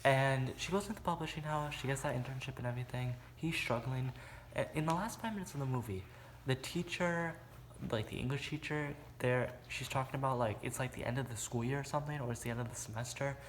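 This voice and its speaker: Man, vlogger, casual movie recap, rambling, lots of "like", medium pitch, faint background hiss. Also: fast talker. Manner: rambling, heavy use of "like", acts out quotes. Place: room at home.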